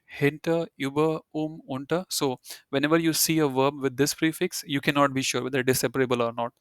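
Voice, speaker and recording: A man explains German grammar in a loose, conversational lecture, peppering his talk with "you know" and restarting his sentences. His voice sits at a middling pitch and is recorded close and dry, with no room sound. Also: fairly bright tone, no echo. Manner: explains slowly, reading German example sentences aloud. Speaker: German language teacher.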